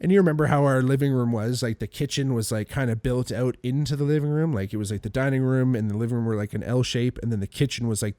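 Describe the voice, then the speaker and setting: Male podcast guest, animated storyteller, mid pitch, dry close sound. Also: no room sound. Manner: animated storyteller, acts out quotes, swears a lot, laughs often. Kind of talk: casual storytelling.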